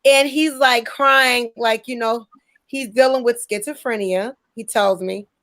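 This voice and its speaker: A woman's voice: fairly high pitch, a little slow, no echo, poor audio. A young woman, a show host telling a story in casual chat and acting out the voices she quotes. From New Jersey. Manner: lively, acts out quoted voices.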